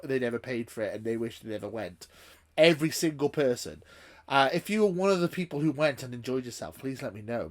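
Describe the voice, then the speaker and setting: Rambling man ranting to camera. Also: mid-range voice. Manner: rambling, with frequent restarts and swearing. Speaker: YouTube channel host. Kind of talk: casual vlog rant.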